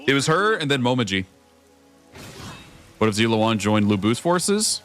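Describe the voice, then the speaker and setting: A man's voice: mid-range voice, sing-song, unhurried, fairly bright tone, faint music behind. A young man streaming a video game, chatting casually with his viewers, swearing often and rambling between thoughts. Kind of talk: casual gameplay commentary.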